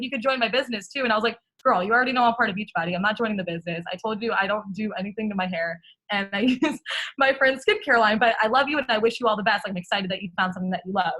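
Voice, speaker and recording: A woman's voice: medium pitch, a bit bright, low-quality recording. A young woman chatting casually on a video call, telling a funny story with lots of laughter and casual swearing. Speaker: guest coach.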